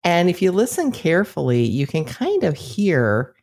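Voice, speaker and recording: A woman's voice: fairly low pitch, sing-song, normal speed, a little mellow. A woman co-hosting a podcast, sharing film trivia and agreeing in casual chat. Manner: thoughtful, shares trivia, agreeable. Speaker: podcast co-host.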